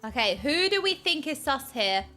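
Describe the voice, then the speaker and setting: A woman's voice: sits high, sing-song, normal speed, bright, forceful tone, faint music behind. A woman streamer making wry, casual asides while she plays through a game.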